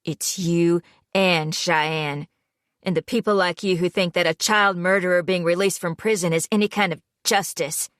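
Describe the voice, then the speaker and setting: A woman's voice: steady tone, measured pace, gravelly, no echo, studio quality. A woman doing a cold, bitter young man. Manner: curt, bitter, low-voiced. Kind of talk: audiobook character voice.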